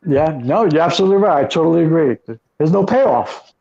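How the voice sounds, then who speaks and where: A man's voice: on the high side, expressive, fairly quick, vocal fry, mellow. A man co-hosting a wrestling podcast in casual chat, talking in emphatic, exasperated rants. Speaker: podcast co-host. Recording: dull lo-fi sound.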